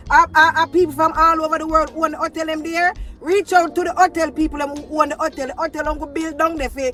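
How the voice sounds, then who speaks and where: A woman's voice: sits high, a bit bright. A woman with a Jamaican accent ranting heatedly, scolding and mixing in patois. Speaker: viral video poster. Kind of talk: angry rant.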